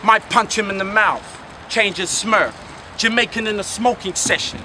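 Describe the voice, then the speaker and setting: Boastful New battle rapper, noisy street. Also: male voice, sits high, moderate pace. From New Zealand. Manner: boastful, confrontational. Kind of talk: rap battle verse. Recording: outdoor recording with clear background noise.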